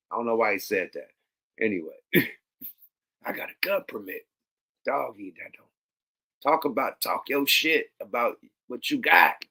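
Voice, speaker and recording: A man's voice: lowish voice, sharp tone. A man hosting a casual commentary show, reacting to clips with profane, laughing remarks.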